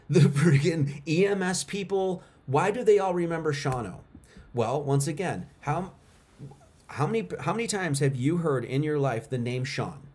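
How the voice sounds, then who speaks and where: A middle-aged man with a slightly higher voice runs a casual livestream monologue. He talks straight to his viewers, leaning on emphasis and repeating words over and over to drive his points home. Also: darkish tone. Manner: emphatic and repetitive, talks to chat. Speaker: livestream host.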